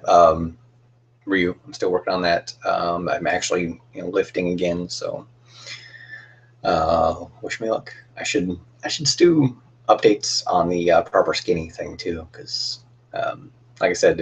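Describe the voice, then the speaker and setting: A man's voice: low-pitched, a little slow, vocal fry, breathy edge. A young man hosting a casual cosplay livestream, chatting in a rambling, friendly way with lots of fillers and restarts.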